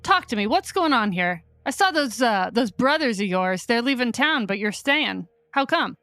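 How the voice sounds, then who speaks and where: A woman voicing a sly man rogue in a woman's disguise, speaking in brisk, wry, prodding questions. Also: a little high, lively intonation, bright, forceful tone, dry recording, soft background music.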